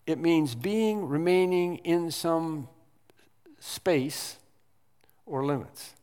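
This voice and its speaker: Slow, deliberate preacher man in a reverberant hall. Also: a little high, darkish tone. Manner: deliberate, emphatic, stresses single words. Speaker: pastor. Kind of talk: expository sermon. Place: church sanctuary.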